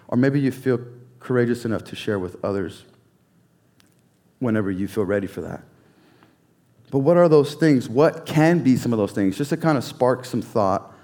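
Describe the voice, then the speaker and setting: A man preaching a sermon in an earnest, measured way, repeating key phrases and sometimes dropping to a near whisper. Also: mid-range voice, dark tone. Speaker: pastor.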